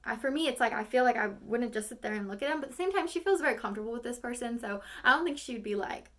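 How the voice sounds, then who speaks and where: A woman's voice: a little high, animated, rapid-fire. A young woman, an acting student, thinking aloud between rehearsal takes, rambling and self-critical with lots of fillers.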